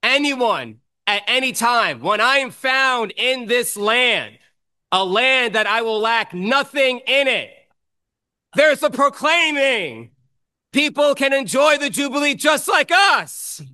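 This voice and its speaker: A man offers a reflective, prayerful word at a church meeting. His voice is strikingly high and brilliant, smooth and clear, and he speaks slowly in a dry, close recording. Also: expressive, pushed and bright, no echo. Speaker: church member sharing in a meeting. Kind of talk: prayerful testimony.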